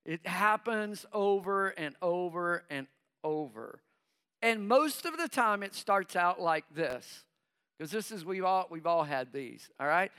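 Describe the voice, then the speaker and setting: A middle-aged man preaching in a high, bright voice that rings clear and smooth. He takes his time, speaking slowly and acting out the doubts of nervous believers between calls to the congregation. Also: lively intonation. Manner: preaching with call-and-response asides. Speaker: pastor. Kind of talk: sermon.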